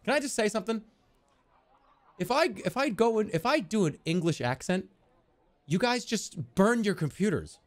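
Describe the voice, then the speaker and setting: A man streaming a video game in casual, jokey commentary, reading the on-screen text aloud and reacting with excitement. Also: sits high, normal speed, pauses often.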